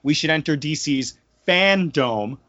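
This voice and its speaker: A man's voice: fairly high pitch, lively intonation, a little slow, bright, forceful tone, no echo. A man hosting a casual podcast, joking around and slipping into hyped announcer bursts. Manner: jokey, hyping announcer bursts. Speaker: podcast host. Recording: dull lo-fi audio, dry.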